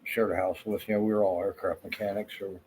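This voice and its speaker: A man's voice: deep voice, little pitch movement, fast, a little mellow, a little hiss or hum, low-quality recording. A man in his fifties with a Southern US accent, telling rambling, profane stories with lots of fillers. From Florida. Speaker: vlogger. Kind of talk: casual rambling storytelling.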